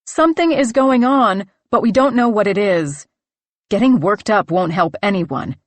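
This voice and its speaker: Woman doing an anxious young climber, pleading calm. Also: mid-range voice, normal speed, dry recording, natural voice. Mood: urgent, soothing. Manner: urgent, soothing, pleading. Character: young woman climber, tense but calming.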